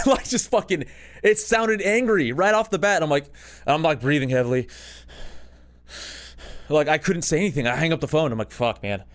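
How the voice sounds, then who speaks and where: A man's voice: fairly high pitch, moderate pace, pauses often, a bit bright. Rambling, profane man telling a story. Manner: rambling, profane, self-mocking anecdotes with laughter. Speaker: podcast host. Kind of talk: casual storytelling.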